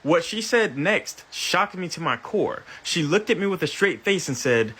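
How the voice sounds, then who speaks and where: Guy retelling a drama story like it's his own, kinda high voice, blunt and repeats himself. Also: lively intonation, normal speed, hardly any pauses, bright, forceful tone. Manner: blunt, emphatic, repeats phrases. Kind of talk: first-person story reenactment.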